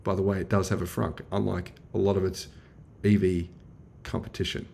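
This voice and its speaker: A man's voice: low-pitched, little pitch movement, brisk, gravelly, darkish tone, slight background noise. An Australian man chatting enthusiastically in a casual car review vlog, full of fillers. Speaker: car vlogger.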